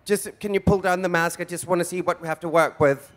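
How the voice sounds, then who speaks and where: A man in his forties hosts a live event as a drag queen, bantering in a flamboyant, theatrical, campy way on stage for an audience. He talks fast in a high voice with fairly even intonation.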